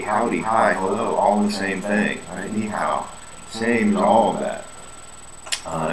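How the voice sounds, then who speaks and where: Deep-voiced man drilling vowel sounds. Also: echoey room, rough recording. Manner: casual, repeats vowel sounds in drill fashion. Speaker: English teacher. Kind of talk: walking through a lesson plan.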